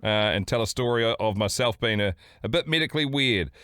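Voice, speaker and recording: A man's voice: medium pitch, expressive, fast talker, fairly bright tone, no echo, clean studio sound. A man co-hosting a casual podcast, swearing freely and reading out listener mail. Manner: swearing, laughs often, reads listener mail aloud. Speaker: podcast co-host. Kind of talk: casual chat.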